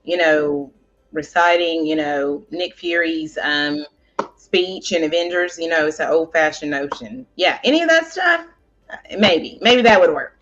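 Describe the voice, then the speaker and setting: A woman co-hosting a casual chat, rambling and animated with many filler words. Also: sits low, a little slow, lo-fi sound. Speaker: co-host.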